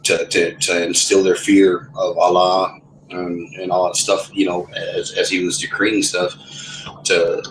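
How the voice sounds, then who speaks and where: A man's voice: sits low, monotone, a little slow, a little hiss or hum, poor audio. A man chatting casually in an online voice lobby, rambling and restarting his sentences with many fillers. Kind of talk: casual voice chat.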